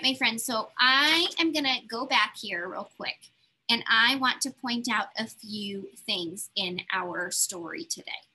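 A woman teacher walks young children through a reading lesson, speaking slowly and patiently. Her voice is bright, a bit high and slightly breathy. She keeps the tone encouraging throughout. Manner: patient and encouraging, coaxing young learners along. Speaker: elementary school teacher.

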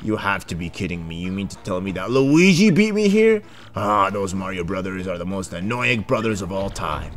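A man voicing a gruff, boastful villain king in a video game. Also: low-pitched, big pitch swings, normal speed, voice pushed down. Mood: annoyed.

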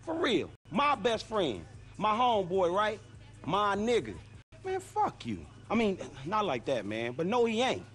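A brash, slangy street hustler. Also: male voice, high voice, huge pitch swings, measured pace, a bit bright, faint music behind, heavily acted. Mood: defensive. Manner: slangy, profane street talk. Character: streetwise young man, defensive and brash.

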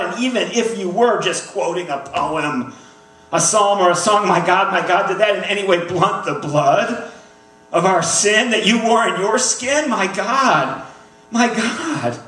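A man performs a spoken-word poem with a rhythmic, declamatory delivery, circling back to a refrain again and again. His voice sits high and sounds bright and sharp. The recording carries the echo of a church hall and places him at a distance from the mic. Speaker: poet. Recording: echoey hall, recorded from far off.

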